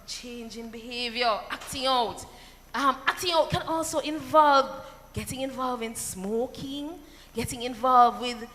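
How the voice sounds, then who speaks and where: Lively Jamaican woman lecturing in a hall. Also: a little high. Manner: lively, animated, acts out quotes, rhetorical asides. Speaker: seminar speaker. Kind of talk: seminar talk to parents. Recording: long hall reverb.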